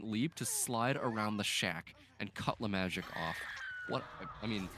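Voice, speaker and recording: Low-voiced esports play-by-play man. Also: normal speed, background noise. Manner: fluent, rising excitement on big plays.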